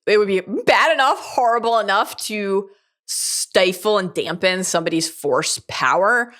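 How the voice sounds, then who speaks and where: A woman co-hosting a podcast, talking through her ideas in an animated, casual way and laughing often. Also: mid-range voice, measured pace. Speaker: podcast co-host. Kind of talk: casual analytical chat.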